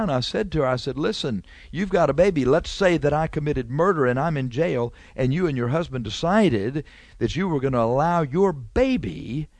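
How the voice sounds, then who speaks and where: A male preacher delivering a fiery sermon in a dry, close recording. He scolds and warns with heavy emphasis. His pace lurches between quick runs and slow, hammered points. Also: mid-range voice, no echo.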